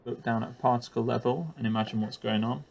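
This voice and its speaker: A man's voice: mid-range voice, steady tone, fast, vocal fry, a little mellow. A man explaining a chemistry lesson for teachers while drawing, hesitant with frequent ums and uhs and the odd self-deprecating aside.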